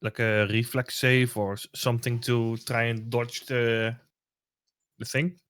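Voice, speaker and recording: A man's voice: mid-range voice, level tone, a little slow, fairly bright tone, smooth, no room sound, studio quality. Terse man playing a tabletop game. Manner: terse, short replies. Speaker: player.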